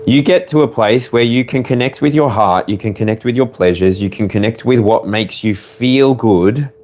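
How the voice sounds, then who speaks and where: A man's voice: medium pitch, normal speed, a little mellow, a little hiss or hum. A man with an Australian accent giving a live collective tarot reading, rambling and playful, drifting into humming and laughter. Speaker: tarot reader.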